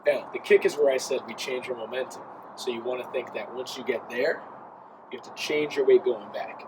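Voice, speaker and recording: A man's voice: medium pitch, fairly even intonation, fairly quick, background noise. A man teaching a dance step, explaining and counting the beats aloud as he demonstrates. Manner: counts steps aloud while dancing. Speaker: dance instructor. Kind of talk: dance tutorial while demonstrating.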